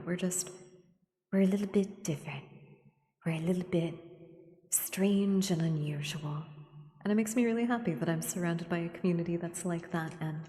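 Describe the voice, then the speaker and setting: A woman streamer talking gently in a soft ASMR style, often slipping into a whisper. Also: deep voice, gravelly. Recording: echoey room with long reverb.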